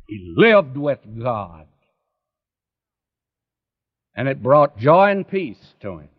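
A man preaching a sermon in a slow, emphatic cadence that rises and falls, directly addressing his listeners. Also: on the high side. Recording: dull lo-fi recording.

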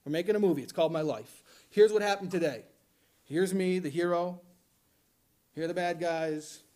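A man delivering a sermon as a religious teacher, talking in an animated way and often laughing as he speaks. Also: high-pitched, normal speed.

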